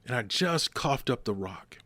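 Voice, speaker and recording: A man's voice: medium pitch, animated, unhurried, bright, forceful tone, no echo. A man hosting a motivational podcast, talking bluntly and telling stories with emphasis. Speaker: podcast host.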